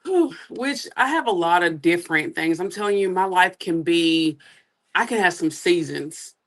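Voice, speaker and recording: A woman's voice: on the low side, lively intonation, moderate pace. A woman from Kentucky with a Southern accent, a guest sharing her faith testimony in an earnest, candid way. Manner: earnest, candid, emphatic repetition. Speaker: interview guest. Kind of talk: casual testimony.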